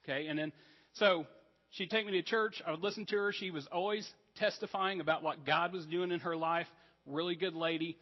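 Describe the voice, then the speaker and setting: Man, pastor, sermon, conversational, earnest, higher voice, reverberant church hall. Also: steady tone, brisk, dull audio. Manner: conversational, earnest preaching with asides. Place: church sanctuary.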